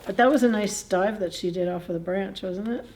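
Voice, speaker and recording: A woman's voice: mid-range voice, fairly quick, darkish tone, a little hiss or hum. A woman librarian reading a picture book aloud at a children's story time, in a playful, chatty way, chuckling and asking the kids questions.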